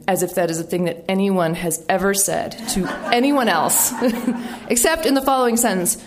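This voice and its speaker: A middle-aged woman from the United States, an author giving a storytelling talk in a wry, animated way with quoted voices. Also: medium pitch, moderate pace, crowd noise.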